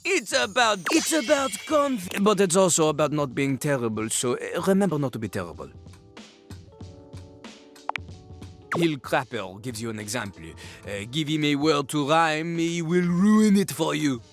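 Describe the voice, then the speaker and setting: A man's voice: a little high, animated, moderate pace, hardly any pauses, soft background music. An actor voicing a cocky male rapping toilet with a French accent, who lectures fussily and breaks into sing-song rap in a video game. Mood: boastful.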